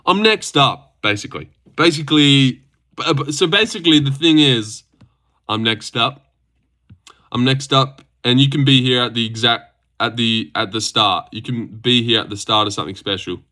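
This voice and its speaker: A man's voice: medium pitch, moderate pace, pushed and bright. A young man hosting a livestream who chats loosely and crudely, swearing, answering chat and stumbling over his words. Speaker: livestream host reacting to fights.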